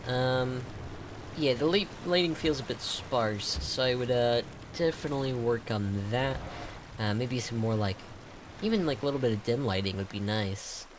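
A young man giving casual game commentary as he reviews players' builds, excitable and gasping, with lots of ums and likes. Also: mid-range voice, normal speed, background noise.

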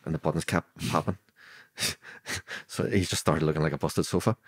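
Older Belfast man, deep and gravel-free, dry close recording, vivid blunt storyteller who voices each speaker. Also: steady tone, moderate pace, dry recording. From Northern Ireland. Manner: vivid retelling that acts out quoted dialogue; blunt, swears freely. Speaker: guest. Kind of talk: storytelling interview.

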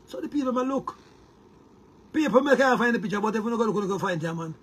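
A man's voice: sits high, lively intonation, fast, husky. A Jamaican man delivering a heated, boastful monologue to his viewers, repeating words and restarting often. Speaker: online commentator.

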